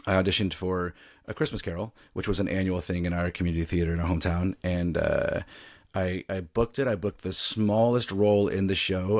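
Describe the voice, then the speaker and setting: An actor from the American South chats casually as a podcast guest in a deep, slightly mellow voice, rambling and restarting often. His accent is mostly neutral American with a faint Southern trace, captured in a dry, studio-quality recording.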